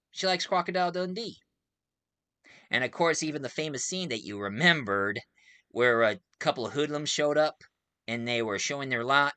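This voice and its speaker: A man's voice: medium pitch, bright, forceful tone, clear, resonant tone, dry recording. A man reviewing a movie in a casual, rambling way, full of fillers and frequent chuckles.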